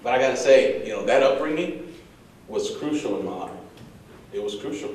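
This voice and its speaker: A man giving a motivational talk to students, telling lively stories and acting out his mother. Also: mid-range voice, moderate pace. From United States, of Mexican parents. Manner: lively storytelling, acts out his mom. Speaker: bullying prevention speaker. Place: large echoey room before an audience. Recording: echoey room, picked up from far off, noisy.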